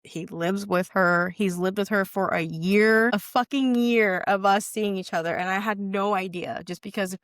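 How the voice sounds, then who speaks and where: A woman's voice: medium pitch, moderate pace, hardly any pauses, a bit bright, clear, resonant tone, no room sound, clean studio sound. A young woman on a podcast telling a personal story in casual chat, candid and cursing freely, acting out what people said. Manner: candid, heavy swearing, acts out quoted lines. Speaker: podcast guest.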